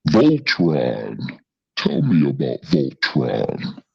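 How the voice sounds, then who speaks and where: A man's voice: extremely low pitch, wildly swooping pitch, extremely slow, gravelly, husky, muffled recording, voice pushed down, exaggerated voice. A man putting on a playful demon voice to introduce songs in an interview. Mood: menacing. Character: growling male demon, slow and menacing.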